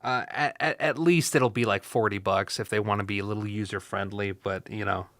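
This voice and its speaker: A man's voice: lowish voice, fairly even intonation, brisk, a bit bright, dry recording. A young man co-hosting a gaming podcast in casual chat, rambling and swearing, very tired. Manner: rambling, profane, joking. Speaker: podcast co-host.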